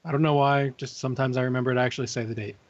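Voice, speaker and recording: A man's voice: mid-range voice, steady tone, very fast, no echo. A man hosting a podcast in casual gaming chat, making dry, offhand quips. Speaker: podcast host. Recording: dry, slightly muffled mic.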